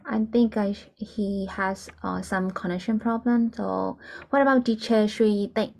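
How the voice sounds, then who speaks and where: A woman's voice: mid-range voice, steady tone, a little slow, creaky, darkish tone. A woman moderating an online webinar, briefly calling on the next participant. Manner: brief, hands the floor to speakers. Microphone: video call.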